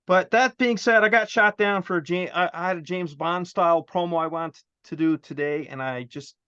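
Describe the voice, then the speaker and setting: A man chatting casually as co-host, telling stories in a rambling, animated way with many restarts. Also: high-pitched, normal speed, smooth, dry recording, lo-fi sound. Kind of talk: casual chat.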